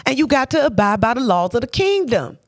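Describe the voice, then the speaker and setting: A woman's voice: on the high side, sing-song, brisk, no echo, studio quality. Emphatic woman preaching faith and discipline. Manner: emphatic, repetitive, preacher-like with rhetorical questions; laughs often between points. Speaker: motivational faith speaker. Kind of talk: motivational faith talk.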